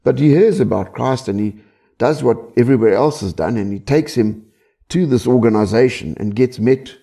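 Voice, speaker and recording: A man's voice: mid-range voice, moderate pace, vocal fry, mellow, slightly rough. A man preaching a sermon in a conversational way, often asking the listeners questions. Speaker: pastor.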